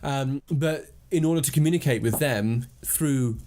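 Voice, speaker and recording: Man, animated podcast co-host. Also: mid-range voice, normal speed. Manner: animated, laughs easily, explains at length. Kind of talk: casual chat, improvised storytelling.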